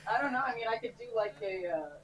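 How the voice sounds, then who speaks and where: A woman's voice: a little high, expressive, quick pace, slight background noise, low-quality recording. A woman, a guest singer, chatting casually and giggling, with lots of "like" fillers. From United States. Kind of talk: casual chat on a live stream.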